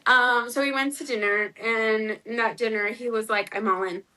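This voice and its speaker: Her voice sits on the high side, pushed and bright, with a steady tone at a moderate pace, captured on a low-quality recording. This twenty-something interview guest chats through a personal story, performing what people said and filling it with plenty of "like."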